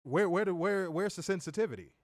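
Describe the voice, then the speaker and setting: A man co-hosting a wrestling review stream, answering viewer comments in casual, animated chat. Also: sits high, fast, dry recording, studio quality. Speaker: wrestling show co-host.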